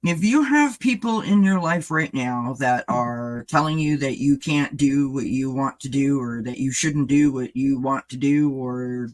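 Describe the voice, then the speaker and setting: A man giving a casual live-stream tarot reading, chatting loosely and addressing viewers by name as he rambles and restarts thoughts. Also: mid-range voice. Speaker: tarot reader.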